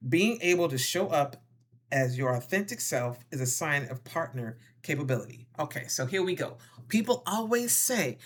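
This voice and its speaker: An animated wellness vlogger talks straight to the viewers in a relaxed, easy way. Pitch sits in a middle range, and the delivery stays playful, full of endearments and slang, with quick acted-out scenes. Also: slightly rough. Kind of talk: casual advice monologue to viewers.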